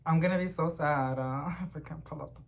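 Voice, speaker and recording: Chatty young man rambling excitedly. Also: on the high side, a little fast, creaky. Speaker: plant vlogger. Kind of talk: casual unboxing chat.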